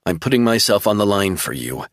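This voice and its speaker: Man voicing a reassuring woman, soothing, steady, low and dry. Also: a little fast, no room sound. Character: calm reassuring woman caretaker.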